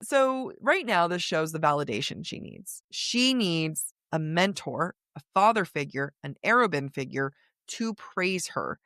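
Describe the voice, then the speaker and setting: Lively lower-voiced woman podcaster. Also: a little slow, no room sound, clean studio sound. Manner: animated, laughs often, reads quotes aloud. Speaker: podcast co-host. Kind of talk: casual book discussion.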